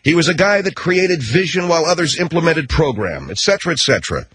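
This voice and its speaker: A man's voice: a little high, very animated, fairly bright tone, slightly rough, dry recording. A man hosting a talk show, delivering a combative, sarcastic rant. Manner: combative, sarcastic, rapid ranting. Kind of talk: ranting talk-radio commentary.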